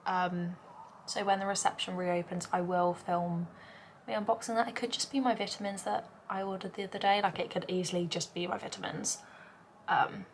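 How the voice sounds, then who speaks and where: A woman's voice: mid-range voice, fairly even intonation, moderate pace, slight background noise. A young woman, vlogging at home in a casual, rambling way, tired and overwhelmed. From England. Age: young adult. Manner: rambling, talks in run-on lists with many "like" fillers. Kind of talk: casual chatty vlog. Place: home, indoors.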